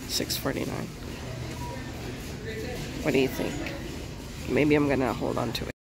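A woman's voice: a bass voice, steady tone, unhurried, creaky, over music. A young woman vlogging a thrift run in a chatty, upbeat way, her voice a little muffled from a cold she is getting over. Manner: chatty, upbeat, addresses viewers directly. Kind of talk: casual vlog narration.

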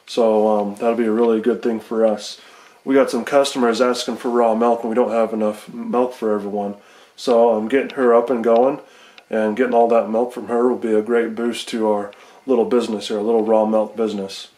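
Out of breath, a young farmer vlogs on his phone camera from a small shed at night, his lowish, mellow voice sounding roomy. He talks a little fast with little pitch movement, rambling casually with lots of fillers.

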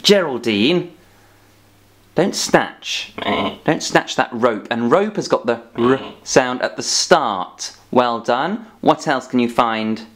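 A man leads a children's phonics lesson, his voice swooping up and down with lively expression. He coaxes and plays, stretching out letter sounds for young listeners. His pitch sits in an ordinary middle range. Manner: playful, coaxing, exaggerated sound drills. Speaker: phonics teacher.

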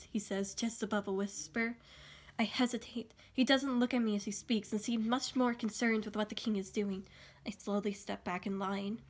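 Woman reading a novel aloud, steady, slightly high voice, small slips now and then. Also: moderate pace. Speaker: audiobook reader.

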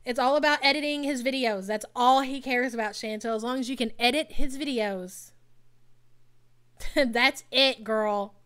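A woman hosting a live stream in a casual, sassy way, with a fairly high voice. She speaks bluntly and keeps turning to chat with her viewers. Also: unhurried, a bit bright, smooth. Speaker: live stream host reacting to a reality show.

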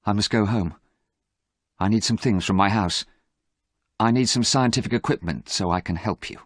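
A man voicing a frightened young scientist who flatly refuses to help an old friend. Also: fairly low pitch, moderate pace, dry recording, clean studio sound. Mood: quiet, cold. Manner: refusing, tense, fearful.

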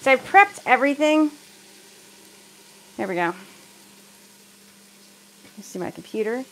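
A woman's voice: high-pitched, lively intonation, unhurried, slight background noise, low-quality recording. Chatty woman cooking in her kitchen. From United States. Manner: chatty, laughs often, reads and answers live comments. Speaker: cooking livestream host. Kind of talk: casual chat while cooking. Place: home kitchen.

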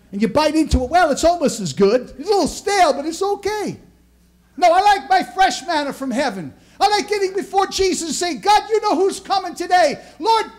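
Pastor, male, New York accent, very high voice, fervent sermon with loud shouts and hushed drops. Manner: swings between loud shouting peaks and low quiet asides.

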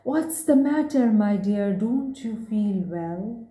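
A man's voice: high-pitched, animated, takes it slowly. A woman voicing a fussing, worried husband. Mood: concerned. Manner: solicitous, gently coaxing. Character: worried middle-aged husband, fussing and kindly. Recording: echoey room.

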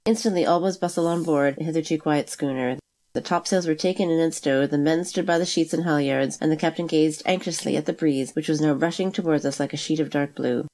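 Low-voiced woman reading a novel quickly. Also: dark tone. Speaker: audiobook narrator. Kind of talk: reading a classic novel aloud.

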